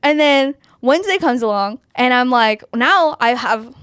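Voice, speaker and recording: A young woman with a high voice chats casually on her podcast. She tells the story in an animated, giggly way. The sound is close and dry. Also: measured pace, clear, resonant tone, no room sound. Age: young adult. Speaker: podcast co-host. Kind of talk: casual chat.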